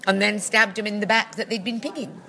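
A Scottish woman co-hosting a podcast in casual chat, dry and teasing, with drawn-out asides. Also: medium pitch, steady tone, creaky, sharp tone. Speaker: podcast co-host.

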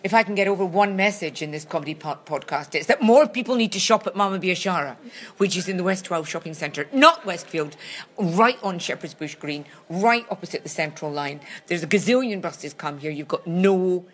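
A woman co-hosts a casual podcast from a shop, her voice sitting fairly low. She banters in a wry, teasing way. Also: expressive, brisk. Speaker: podcast co-host. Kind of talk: casual chat. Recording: shop with background noise.

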